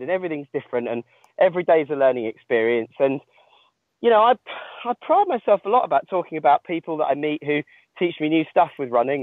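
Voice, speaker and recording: A man's voice: on the high side, no echo. A man, an ultramarathon runner calling in from the trail, telling his story in a self-mocking, laughing way. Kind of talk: casual phone chat. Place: outdoors on a long-distance trail. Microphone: phone. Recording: dry tinny phone line.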